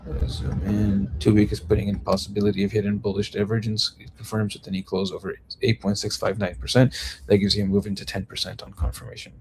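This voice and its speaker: Low gravelly man reading crypto charts. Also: flat delivery, quick pace, a little hiss or hum. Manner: mumbled fillers, thinking aloud over charts. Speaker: crypto trading host. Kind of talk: casual market analysis and chat. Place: currently in the United States.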